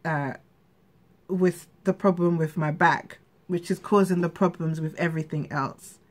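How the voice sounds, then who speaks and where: A woman's voice: lowish voice, steady tone, a little slow. Frustrated woman venting. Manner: rambling, frustrated, full of restarts. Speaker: vlogger. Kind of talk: candid personal vlog.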